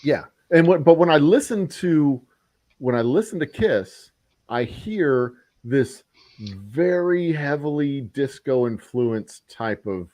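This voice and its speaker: A man's voice: fairly high pitch, animated, slow pace, darkish tone, no room sound. A middle-aged man hosting a whiskey talk show, chatting casually in a blunt, profane way. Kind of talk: casual chat.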